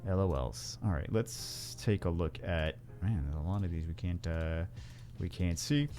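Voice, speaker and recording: A man's voice: deep voice, lively intonation, moderate pace, warm tone, soft background music. A man hosting a gaming video, rambling through casual gameplay commentary with wry asides and frequent self-corrections.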